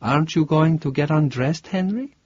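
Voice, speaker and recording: A man voicing a wary, businesslike young woman with a soft Italian accent, in an audiobook reading. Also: fairly high pitch, moderate pace, slightly rough, no echo, pitched above the performer's own voice. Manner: soft, cautious. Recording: dull lo-fi dry recording.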